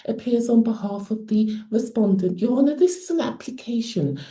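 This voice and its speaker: A woman's voice: fairly high pitch, lively intonation, moderate pace, dark tone, roomy sound, pitched above the performer's own voice, natural voice. A woman voicing a posh, formal female barrister addressing a judge, with a put-on upper-class British accent and clipped courtroom manner.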